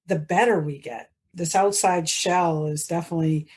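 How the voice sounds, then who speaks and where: A woman in her fifties with a husky, slightly breathy voice that sits a little low. She talks as a podcast guest in a loose, chatty way, laughing often and starting sentences over. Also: steady tone, normal speed, a little mellow. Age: 50s. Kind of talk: casual interview chat.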